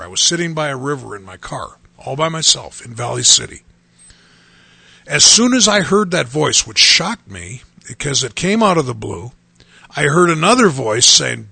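A man's voice: medium pitch, sing-song, moderate pace, vocal fry, bright, forceful tone, breathy edge, no echo. A man in his fifties, a pastor and radio host, preaching a testimony in an earnest, emphatic way, repeating phrases for stress. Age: 50s.

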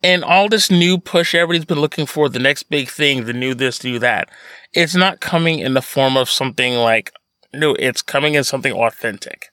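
A man co-hosting a podcast in casual chat, animated and laughing, swearing freely. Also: mid-range voice, fairly quick, no room sound, studio quality. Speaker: podcast co-host.

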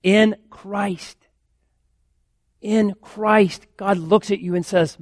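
A man's voice: sits high, fairly even intonation, extremely slow, pauses often, no echo, studio quality. A man, a pastor, preaching a sermon earnestly, building emphasis with repeated phrases.

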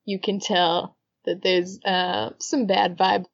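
A woman's voice: mid-range voice, flat delivery, slow, vocal fry, no echo, dull audio. A woman co-hosting a podcast, chatting casually and recapping a story at length, laughing often. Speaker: podcast co-host. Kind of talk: casual chat.

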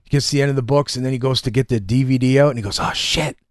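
A man's voice: mid-range voice, racing, no echo, clean studio sound. A man telling wild stories in casual chat, swearing freely and acting out what people said. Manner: profane, animated storyteller, acts out quotes.

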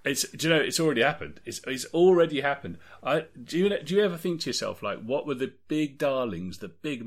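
A man co-hosting a podcast, talking about tabletop games in a rambling, opinionated way. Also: mid-range voice. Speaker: podcast co-host. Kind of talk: casual podcast discussion.

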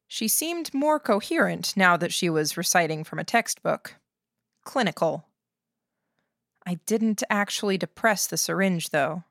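A woman reading a first-person novel aloud in a steady, measured way. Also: on the low side, vocal fry, dry recording, studio quality. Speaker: audiobook narrator.

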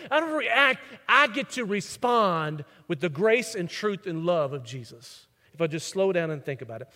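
A man preaches a sermon, mixing scripture with stories and acting out quoted voices. His voice sits high for a man. The sound carries the long reverb of a large hall. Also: bright, forceful tone. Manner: storytelling, acts out quoted voices. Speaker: pastor.

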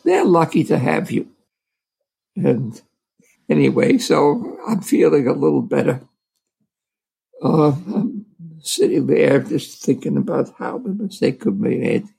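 Gravelly older man telling a story. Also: a little high, a little mellow, rough recording. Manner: halting, full of restarts and fillers. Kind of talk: casual storytelling.

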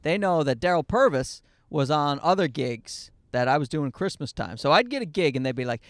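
Man, 30s, podcast host, rambling jokey chat, a bit high-pitched, dry close sound, in a car. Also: animated, normal speed, few pauses, no echo. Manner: rambling, joking, loses his train of thought. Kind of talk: casual chat. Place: parked car. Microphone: handheld mic into a portable recorder.

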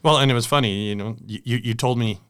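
In a fast, mid-range voice that's slightly bright and smooth, an American product manager in his forties tells laughing, chatty stories as an interview guest. The sound is studio quality and free of echo.

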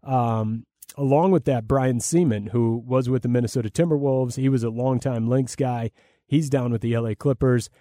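A man's voice: medium pitch, normal speed, warm tone, no room sound, studio quality. A man, a play-by-play broadcaster, answering interview questions in a rambling, enthusiastic way with many fillers and restarts.

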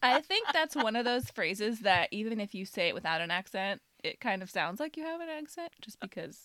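A woman co-hosting a podcast in casual chat, playful and quick-witted, laughing often. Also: medium pitch, sing-song, a bit bright, no echo, clean studio sound. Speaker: podcast co-host.

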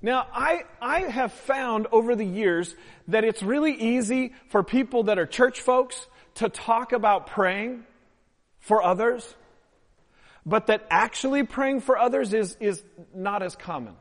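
A man's voice: high voice, unhurried, big-room sound. A man preaching a sermon to his church, joking with the congregation and drawing them in. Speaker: pastor. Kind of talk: sermon with audience participation. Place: church sanctuary.

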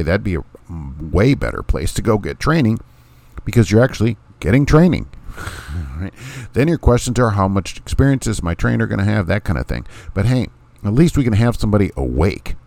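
Blunt, deep-voiced man ranting on a podcast. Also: darkish tone, dry recording. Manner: blunt, sarcastic, repeats points emphatically. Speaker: podcast host. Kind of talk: casual opinion podcast.

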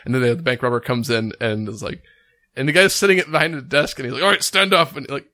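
A man rambles through a casual podcast chat, stacking "like" fillers and restarting his sentences. His voice sits at a middle pitch and sounds dry and close, with no room around it. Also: animated, quick pace, sharp tone, no room sound. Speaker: podcast co-host.

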